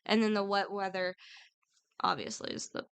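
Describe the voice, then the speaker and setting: A woman's voice: medium pitch, fairly even intonation, moderate pace, vocal fry, a bit bright, clean tone, no room sound. A woman co-hosting a podcast in casual chat, laughing often and stumbling a little as she reads notes aloud. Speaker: podcast co-host.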